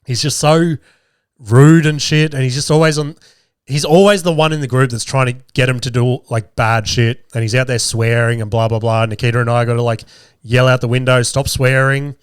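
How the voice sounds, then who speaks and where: A man's voice: mid-range voice, brisk, clear, resonant tone, no echo, studio quality. Swearing Australian podcast host in his thirties. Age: 30s. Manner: swears constantly, animated and laughing while telling stories. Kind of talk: casual storytelling. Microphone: camera with podcast mic.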